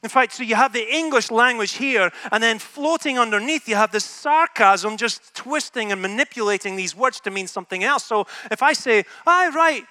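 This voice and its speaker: A man's voice: very high voice, moderate pace, hardly any pauses, pushed and bright, dry recording. A Scottish man preaching a sermon to a room, humorous and conversational, often asking "right?". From Scotland. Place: in a room with an audience.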